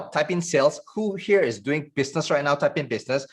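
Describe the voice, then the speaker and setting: A man giving an online sales training in a fast, joking, salesy patter. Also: fairly high pitch, expressive.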